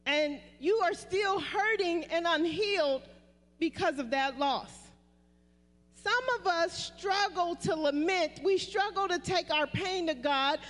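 A woman pastor with a very high voice delivers a sermon, often asking the congregation to say phrases back to her. Her voice rings out in a church sanctuary with a long, lingering reverb. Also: fairly bright tone. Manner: call-and-response preaching, repeating phrases.

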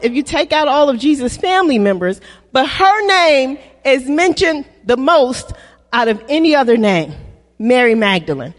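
Animated high-voiced woman preaching in a hall. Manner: call-and-response, repeats lines for the congregation; acts out playful voices in quoted dialogue. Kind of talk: sermon. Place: church. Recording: long reverb of a church hall.

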